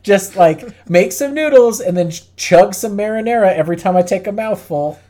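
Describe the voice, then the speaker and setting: A man's voice: high voice, moderate pace, mellow. Candid man co-hosting a chat podcast. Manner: candid, thinks aloud with restarts. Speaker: podcast co-host. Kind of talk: casual chat.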